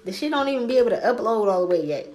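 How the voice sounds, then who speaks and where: A woman's voice: a little high, animated, racing, darkish tone, soft background music. Brash, profane woman ranting on a podcast. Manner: brash, profane, trash-talking. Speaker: spiritual podcast host. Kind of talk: casual solo podcast rant.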